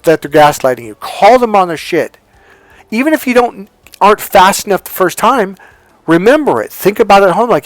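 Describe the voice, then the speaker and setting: A middle-aged man giving an emphatic, profane motivational talk as a relationship coach. He swings between loud commands and quiet asides. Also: sits high, big pitch swings, a little fast, no echo.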